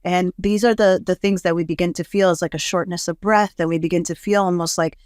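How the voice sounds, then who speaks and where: A woman hosts a podcast in an unhurried, reflective chat, her voice low and clear. She drifts through her thoughts with many fillers. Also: steady tone, a little mellow, no room sound, clean studio sound. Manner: flowing, reflective, with frequent fillers. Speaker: podcast host. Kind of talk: casual conversation.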